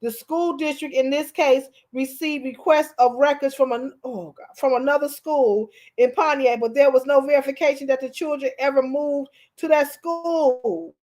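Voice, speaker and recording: A high-voiced woman hosts a live commentary stream. She talks with fiery, emotional passion and breaks into shouts when she gets worked up. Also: fairly even intonation, normal speed, hardly any pauses. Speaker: livestream host.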